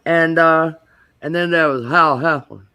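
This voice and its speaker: A man's voice: on the high side, unhurried, pushed and bright, clean tone. A man on a podcast panel in casual chat, telling rambling anecdotes full of restarts.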